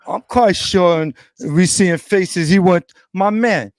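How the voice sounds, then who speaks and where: A man's voice: high voice, takes it slowly, no room sound. A man from Brooklyn, arguing combatively as a guest in an online debate. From Brooklyn, New York. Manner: combative, repetitive, confrontational.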